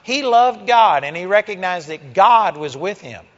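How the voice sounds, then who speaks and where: A male preacher with a high voice delivers a sermon, swinging from hushed passages to loud, driving exhortations. The recording is dull and muffled, with a long echo trailing off the walls of a large church. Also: animated, unhurried. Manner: forceful, emphatic preaching with sudden loud exhortations.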